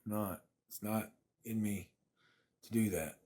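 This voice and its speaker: A man's voice: on the low side, fairly even intonation, measured pace, mellow, husky. A man, chatting casually on a phone livestream from his apartment and thanking viewers by name. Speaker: livestream host.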